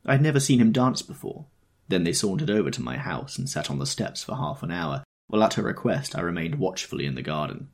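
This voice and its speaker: A man reading a novel aloud in a measured, first-person storytelling manner. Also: fairly low pitch, sing-song, vocal fry. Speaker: audiobook reader.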